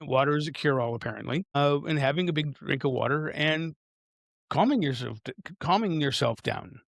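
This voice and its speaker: A man co-hosting a casual podcast, joking and halting, asking long roundabout questions. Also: on the high side, animated, gravelly, dry recording, studio quality. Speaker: co-host.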